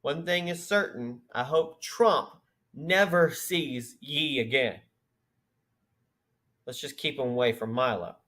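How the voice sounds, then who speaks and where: A man's voice: mid-range voice, slow, pushed and bright. A man hosting a political podcast, reading news aloud with sarcastic asides. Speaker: podcast host. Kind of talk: political commentary.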